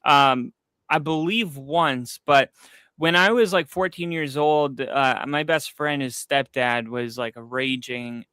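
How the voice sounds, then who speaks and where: Young man, bright forceful voice, rambling anecdote, dry close sound. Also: medium pitch, takes it slowly, clean tone, no room sound. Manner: storytelling, swears freely, lots of fillers. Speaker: podcast host. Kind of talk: casual chat.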